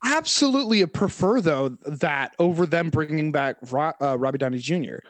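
A man with a slightly high voice co-hosting a podcast, enthusiastic and easily amused. His casual chat is full of restarts, recorded dry and close. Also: expressive, normal speed, no room sound. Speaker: podcast co-host.

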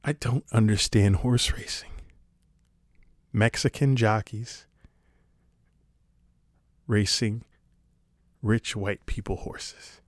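Low-ish guy, talks slow, sarcastic rambling rant, dry close sound. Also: fairly even intonation, no room sound. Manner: sarcastic, rambling, swears casually. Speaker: vlogger. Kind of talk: casual comedic monologue.

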